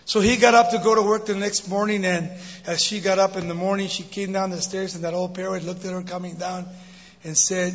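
A man in his sixties preaching as a guest speaker, telling a joke and then his life story, animated and laughing often. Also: high-pitched, fairly quick. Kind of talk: sermon with jokes and testimony. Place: church sanctuary. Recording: dull recording in a big reverberant hall.

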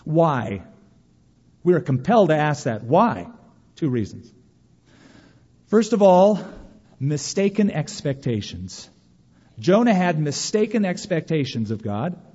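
Lively husky-voiced male preacher. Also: a little high, long reverb tail, highs cut off. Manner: animated preaching with quick mock quotes. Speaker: pastor. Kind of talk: sermon.

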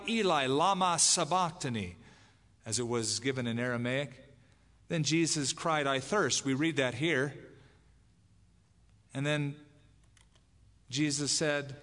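A man's voice: mid-range voice, a bit bright. A man preaching a sermon as pastor, emphatic, dramatizing the lines he quotes. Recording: long hall reverb.

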